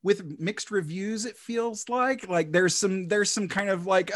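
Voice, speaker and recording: An American man hosting a podcast in a casual chat, joking with animated asides. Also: sits high, measured pace, hardly any pauses, no echo, studio quality. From United States. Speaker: podcast host.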